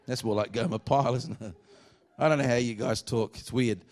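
A man with an Australian accent preaching a revival sermon to a congregation, jokey and exuberant, swinging from hushed asides to shouts. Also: medium pitch, steady tone, quick pace. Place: church hall before a congregation.

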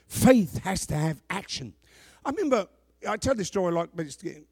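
Preaching at a fairly quick clip, a middle-aged pastor uses a high, ringing voice with a darkish tone. He thunders scripture, then eases into quiet, conversational asides to his congregation, captured close and dry with no echo.

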